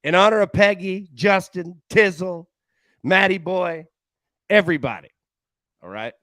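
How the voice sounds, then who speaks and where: A man's voice: sits high, a little slow, pushed and bright, dry recording. A man hosting a live sports betting show in casual chat, jokey and rambling, laughing often.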